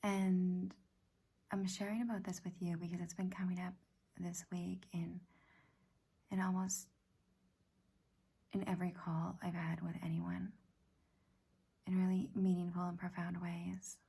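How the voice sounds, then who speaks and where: Soft half-whispering woman, gravelly and husky. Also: lowish voice, little pitch movement. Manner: often half-whispered, gentle and halting. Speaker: self-help practice host. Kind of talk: soft-spoken personal reflection.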